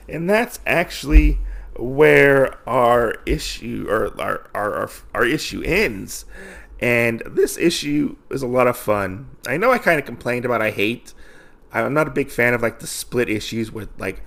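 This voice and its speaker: Podcast host, male, mid-pitched and gravelly, loose chatty recap with lots of "like" and "uh". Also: measured pace, a bit bright. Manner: rambling, heavy on fillers and restarts. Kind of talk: casual comic book recap.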